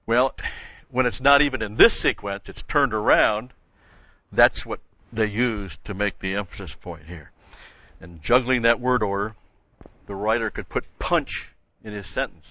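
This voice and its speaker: A man's voice: lowish voice, unhurried, bright, forceful tone, dry recording. Older man preaching with emphatic stresses. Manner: emphatic, stresses key words, repeats phrases. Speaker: Bible teacher. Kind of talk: sermon. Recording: dull lo-fi sound.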